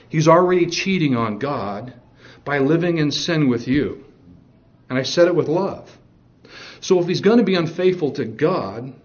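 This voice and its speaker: A man's voice: fairly high pitch, lo-fi sound. A male pastor preaching a sermon, reading scripture aloud and mixing jokes with stern warnings.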